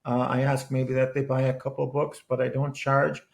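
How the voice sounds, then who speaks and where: Gravelly older man in his eighties. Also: mid-range voice, completely flat delivery, normal speed. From Wisconsin. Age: 80s. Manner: earnest, restarts sentences, loose storytelling. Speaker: guest, author and former politician. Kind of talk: conversational podcast interview with anecdotes.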